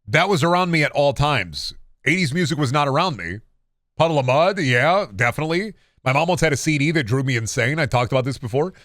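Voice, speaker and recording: A man's voice: a little high, animated, fairly quick, a bit bright, no echo. Thirties male streamer, loose rambling chat, curses a lot, dry close sound. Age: 30s. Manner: rambling and profane, with bursts of playful baby talk. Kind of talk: casual live-stream chat. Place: home.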